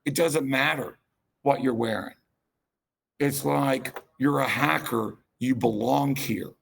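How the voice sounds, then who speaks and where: A man's voice: medium pitch, steady tone, slow pace, a bit bright, slight background noise. A man giving a passionate, rambling conference keynote with self-deprecating asides. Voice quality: gravelly, husky. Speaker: keynote speaker.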